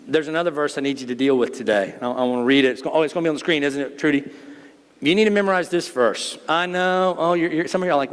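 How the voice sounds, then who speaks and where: In a church sanctuary with a long, lingering reverb, a middle-aged pastor preaches to his congregation in a joking, folksy, conversational way. He talks straight to them in a smooth, mid-range voice.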